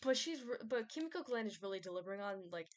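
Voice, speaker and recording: A woman's voice: medium pitch, expressive, fast talker. A woman vlogger rambling casually, with many fillers, restarts and self-doubt.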